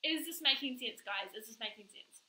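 A woman life coach talks straight to her viewers in a high, very bright voice. She speaks with emphasis and energy and slips into little acted voices when she quotes people. The room is echoey. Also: expressive, brisk. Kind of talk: direct-to-camera vlog talk.

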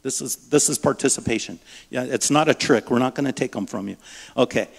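A man preaching a sermon in a church, telling stories in a lively way and acting out the dialogue. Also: medium pitch, brisk, gravelly. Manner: lively storyteller, acts out dialogue. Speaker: guest preacher from a Bible ministry. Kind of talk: sermon with storytelling. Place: church sanctuary. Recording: reverberant church hall.

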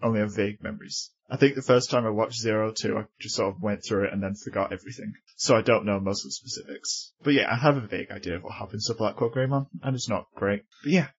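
A man co-hosting a podcast in casual chat, chatty and quick to laugh. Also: fairly low pitch, breathy edge, lo-fi sound. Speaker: podcast co-host.

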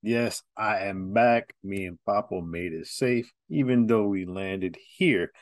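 A man hosts a laid-back horror film review, chatting candidly straight to his audience. His voice sits a touch low, and the recording is dry and close. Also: takes it slowly, no echo. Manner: chatty, candid, direct to viewers. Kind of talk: casual review talk.

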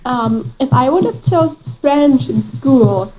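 A woman with a high, mellow voice teases her gaming partner in blunt, offhand remarks. Her mic sounds dull and lo-fi, with faint noise underneath. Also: expressive, slow pace. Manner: blunt, teasing. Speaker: gamer. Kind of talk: casual gameplay chat.

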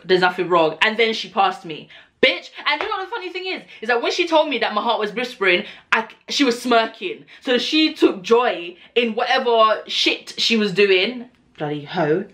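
A woman in her twenties, telling stories casually in a Q&A vlog, animated and swearing as she acts out what people said. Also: medium pitch. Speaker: vlogger, cabin crew member. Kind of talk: casual storytelling Q&A.

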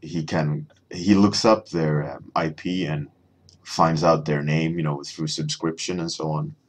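Male artist-streamer, very deep and husky, easygoing rambling talk full of fillers. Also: fairly even intonation, measured pace. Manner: rambling, many fillers and restarts. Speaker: artist streaming a painting warmup. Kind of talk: casual chat while painting, reading chat.

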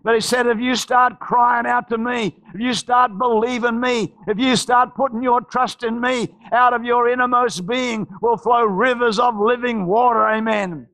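A man preaching a charismatic church sermon, fervently shouting praises and repeating phrases. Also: very high voice, fairly even intonation, moderate pace, few pauses. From Australia. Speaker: pastor. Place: church service.

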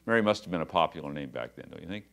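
A man's voice: extremely low pitch, animated, racing, creaky. A man preaching a sermon as pastor, talking conversationally and then building to passionate, rising emphasis. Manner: conversational asides with quiet drops.

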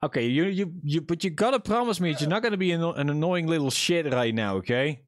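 Lively, chatty young male streamer. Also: on the high side, fast, no echo, clean studio sound. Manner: chatty, profane, jokey self-talk to viewers. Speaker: livestreamer. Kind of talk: casual gaming livestream chat.

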